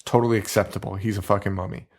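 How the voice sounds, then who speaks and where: Guy cohosting a horror podcast, chatty and animated, curses a bunch. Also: low-pitched, racing. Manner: animated, swears freely, acts out scenes with silly voices. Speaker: podcast co-host. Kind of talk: casual movie review chat.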